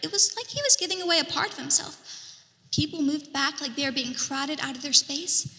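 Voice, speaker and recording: A woman performing a dramatic storytelling monologue as a market merchant in a church play, animated, with whispered asides. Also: sits high, a little fast. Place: church sanctuary. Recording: reverberant church hall.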